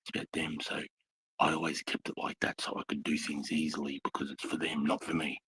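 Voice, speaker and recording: Against a noisy background, this very deep voice stays nearly flat in pitch and moves a little quickly. He's a middle-aged Australian veteran, intense and blunt, cursing constantly as he recounts war stories in relaxed bar conversation.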